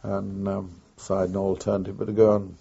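An older man, a former wartime pilot, recounting his memories in an oral history interview with an unhurried, reflective pace and frequent pauses. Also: deep voice, completely flat delivery, vocal fry, dark tone, breathy edge. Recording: dull lo-fi recording.

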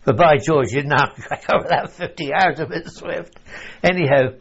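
Gravelly older Englishman telling old stories. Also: fairly high pitch, moderate pace, a bit bright. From England. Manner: rambling, chuckling anecdotes peppered with "you see". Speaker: veteran interviewee. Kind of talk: oral history storytelling. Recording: dull lo-fi recording.

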